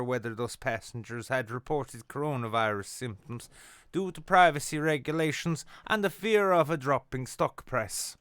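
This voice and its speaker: Hosting a late-night comedy show from his apartment, a man delivers a profane satirical news rant, full of sarcasm and constant swearing, into an on-camera mic at home. His mid-range voice is a bit bright and clean, at normal speed with no room sound.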